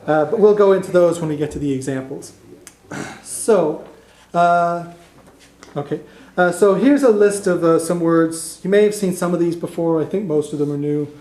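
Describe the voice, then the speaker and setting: A man with a somewhat high, slightly mellow voice speaks at a moderate pace, teaching a beginner language class in a cultural center classroom. He explains patiently, using fillers and restarting sentences, and the recording echoes around the room.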